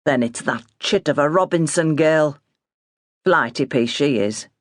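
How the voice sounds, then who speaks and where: A man's voice: on the high side, a little slow, dry recording, studio quality, natural voice. A woman voicing a stern older farmer father, blunt and scornful.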